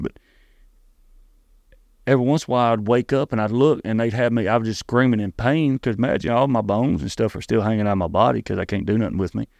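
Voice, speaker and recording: A middle-aged man with a Southern Tennessee drawl and a fairly low voice tells a personal story as an interview guest. He speaks earnestly and haltingly, stopping to restart and repeat words. The sound is dry and close. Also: a little mellow, dry recording.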